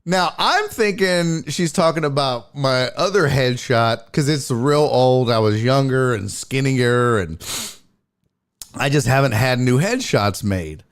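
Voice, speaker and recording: A man's voice: medium pitch, slow. A male comedian and podcast host telling a story in casual chat, profane and exclaiming.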